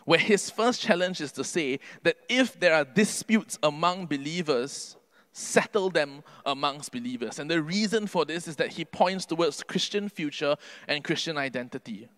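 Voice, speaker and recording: A man preaching a sermon earnestly, building to emphatic peaks and then dropping his voice low. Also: expressive, moderate pace, a bit bright. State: can't sing due to covid.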